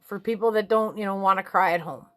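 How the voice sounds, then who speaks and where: Woman rambling real frank, swears a lot, voice jumps up high when she gets going, dry close sound. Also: fast, fairly bright tone, dry recording. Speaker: vlogger giving life advice. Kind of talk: casual spiritual chat.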